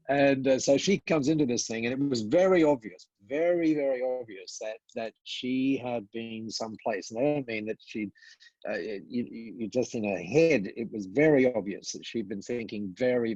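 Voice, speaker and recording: Husky older man telling a lively story. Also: medium pitch, no echo, lo-fi sound. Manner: animated storyteller, acting out quoted dialogue, frequent "uh" and repeats. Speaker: podcast guest. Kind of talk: storytelling in conversation.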